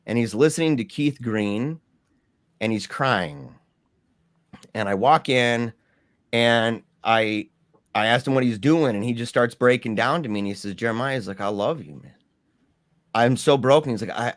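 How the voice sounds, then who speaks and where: A young man telling his personal story in a candid, animated way with slangy asides. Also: medium pitch, no room sound, studio quality.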